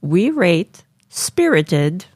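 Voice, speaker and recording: A woman co-hosting a podcast in a casual chat, sincere and quick to giggle. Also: lowish voice, sing-song, over loud music. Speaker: podcast co-host.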